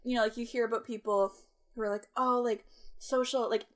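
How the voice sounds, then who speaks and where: A woman's voice: fairly high pitch, fairly even intonation, brisk. A young woman in her twenties talks casually as a podcast co-host. Her speech is loose and rambling, full of "like" and easy laughter. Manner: chatty, heavy use of "like", frequent laughs. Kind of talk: casual chat.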